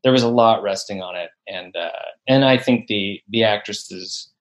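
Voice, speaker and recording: Excited actor guest, animated storyteller. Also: male voice, on the low side, normal speed. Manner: enthusiastic, acts out quotes in voices. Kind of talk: animated interview talk.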